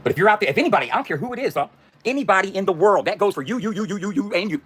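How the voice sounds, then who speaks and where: A man's voice: high-pitched, animated, very fast, a bit bright, breathy edge. A middle-aged man delivering a heated, profane, confrontational livestream rant.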